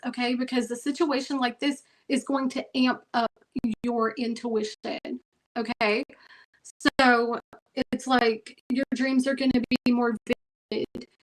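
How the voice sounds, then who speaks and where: A woman with a high-sitting voice gives a tarot reading to her viewers, and the audio quality is poor. She's chatty and emphatic, frequently checking in with "okay" and "y'all."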